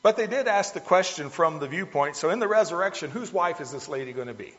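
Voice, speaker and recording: A man's voice: fairly high pitch, expressive, fast, a bit bright. A man preaching a sermon in a conversational, folksy manner, talking to the congregation as folks. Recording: dull lo-fi sound with long hall reverb.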